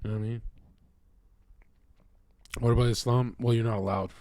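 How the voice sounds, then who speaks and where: Guy ranting at his stream, swears a lot, picks fights, loud then mumbly, dry close audio. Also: medium pitch, steady tone, moderate pace, dry recording. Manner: profane, combative, swings from loud outbursts to mutters. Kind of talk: casual ranting to viewers.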